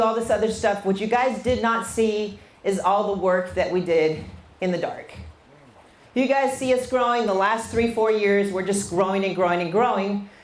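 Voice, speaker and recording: A woman's voice: medium pitch, moderate pace. Blunt, fiery woman coach, echoey room. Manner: blunt, fiery, swears freely. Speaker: business coach. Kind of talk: motivational talk to an audience.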